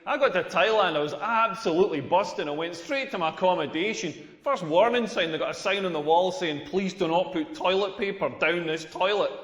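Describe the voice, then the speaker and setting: Scottish man, stand-up comic, high voice, crude self-mocking jokes, roomy echo with long tail. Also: fairly quick, hardly any pauses, fairly bright tone. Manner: crude, self-deprecating punchlines. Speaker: stand-up comedian. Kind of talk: stand-up comedy set. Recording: echoey room with long reverb.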